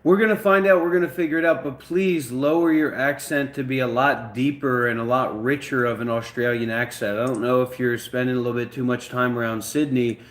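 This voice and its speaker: A man's voice: medium pitch, fairly even intonation, brisk, few pauses, fairly bright tone. A man hosting a channel, bluntly and profanely bossing an AI around in casual talk. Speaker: channel host. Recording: echoey room.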